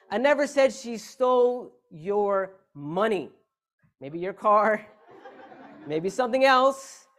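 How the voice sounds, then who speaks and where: A man giving a Friday sermon in a mosque hall, speaking emphatically, asking rhetorical questions and shifting the stress between words. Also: high-pitched. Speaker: preacher.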